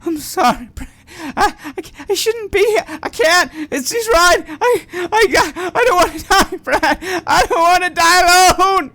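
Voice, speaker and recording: A desperate, guilt-ridden young man stammers through sobs, as a woman puts him on. His voice sits high and strained, sometimes breaking to a hush. He pleads as if close to the end. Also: lively intonation, a little slow, few pauses, exaggerated voice. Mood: sobbing panic.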